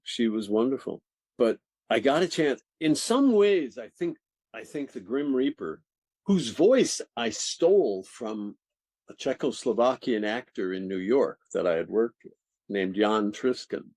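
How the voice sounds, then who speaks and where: An older man, an actor, telling stories from his career in an interview, animated and laughing often. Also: medium pitch, moderate pace, no echo. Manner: animated, laughing, restarts sentences. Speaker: actor guest. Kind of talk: interview storytelling.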